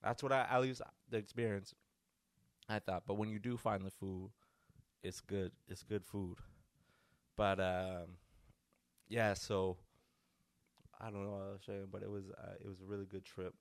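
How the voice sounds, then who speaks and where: A young man with a fairly low voice talks on his podcast in a loose, rambling way, full of fillers and restarts. The sound is dry and close, with almost no room around it. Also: flat delivery, moderate pace, pauses often, dry recording. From North America. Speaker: podcast host. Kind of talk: casual solo podcast talk.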